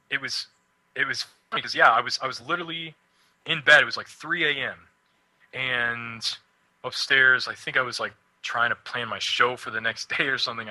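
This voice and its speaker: A man's voice: mid-range voice, sharp tone, no room sound, low-quality recording. A young man co-hosting a casual radio show, rambling and swearing, laughing often. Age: young adult. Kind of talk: casual chat.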